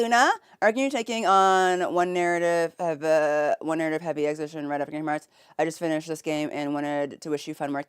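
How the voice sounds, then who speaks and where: A woman's voice: low voice, lively intonation, moderate pace, clear, resonant tone, no echo, studio quality. A young American woman streaming from bed, chatting casually with viewers, reading chat aloud and laughing often. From United States. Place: home, in bed.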